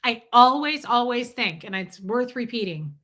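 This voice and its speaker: A woman in her forties hosting a casual livestream, chatting bluntly with frequent swearing and animated storytelling. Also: a little high, moderate pace. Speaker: livestream host.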